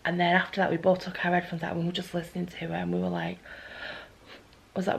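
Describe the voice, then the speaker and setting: Young woman vlogging at home, husky gravelly voice, gossipy storytelling with loads of "i was like". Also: fairly low pitch, fast talker, poor audio. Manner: gossipy, animated retelling with lots of "I was like". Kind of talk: casual chatty storytelling to camera.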